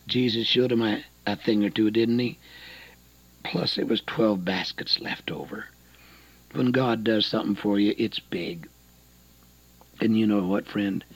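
A man in his late seventies, an evangelist giving a radio sermon, swinging between loud exhortation and a hushed near-whisper. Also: fairly high pitch, lively intonation, a little slow. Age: 70s. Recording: dull lo-fi radio broadcast with faint music.

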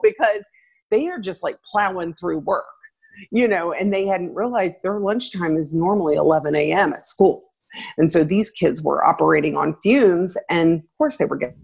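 Here is a middle-aged woman with a husky, slightly low voice, talking through parenting tips in an easy interview. She is animated and now and then jumps up high to act out a parent or child. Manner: animated, acts out parents and kids in a raised voice. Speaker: parenting guest expert, former teacher. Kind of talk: conversational advice interview.

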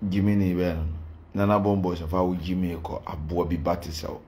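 A man's voice: low voice, steady tone, a little fast, darkish tone, a little hiss or hum. A man with a Ghanaian accent, a pastor speaking in a fiery, defiant and combative way as he answers his critics. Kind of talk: heated address to critics. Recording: echoey room.

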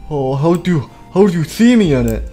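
A man's voice: on the high side, sing-song, moderate pace, mellow, faint music behind, pitched above the performer's own voice. A man voicing a young animatronic who talks in a whiny, sad way. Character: mopey young animatronic, son of a bear.

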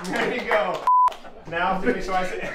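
A man's voice: high-pitched, moderate pace, over a noisy crowd. A man coaching an actor on a comedy set, laughing as he gives notes. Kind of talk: casual on-set direction. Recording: echoey set mic from far off.

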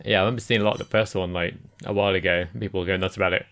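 A man's voice: low voice, fairly even intonation, very fast, fairly bright tone. A man co-hosting a gaming podcast, talking casually, laughing often and agreeing with his co-host. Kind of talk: casual chat.

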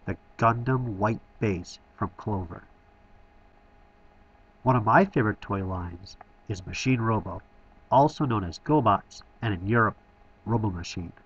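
A man's voice: on the low side, unhurried, long pauses, breathy edge, lo-fi sound. Man narrating a toy shop tour. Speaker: toy store reviewer. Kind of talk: scripted voice-over narration.

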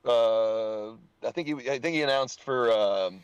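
Brief: young male podcast guest, loose storyteller who swears and laughs, mid-pitched voice. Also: unhurried, clear, resonant tone, dry recording, highs cut off. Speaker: podcast guest, dirt track racer. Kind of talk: casual podcast chat.

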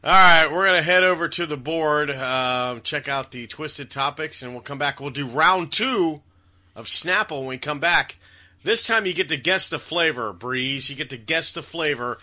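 A man's voice: a little high, normal speed, pushed and bright. A man hosting a casual comedy chat show, joking crudely with his co-host.

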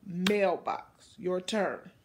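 A woman teacher leading a phonics lesson for young children, slowly and deliberately modeling words and encouraging them. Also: fairly low pitch, fairly even intonation, slight background noise.

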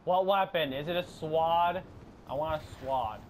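A young man giving casual, profane gameplay commentary who often shouts excitedly. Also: on the high side, a little slow, noisy background.

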